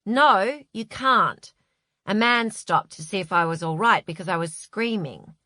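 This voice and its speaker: Weary, prickly middle-aged woman writer, voiced by the narrator; curt, bright, close dry sound. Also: medium pitch, animated, unhurried, no echo. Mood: self-pitying. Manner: dry, curt, self-pitying.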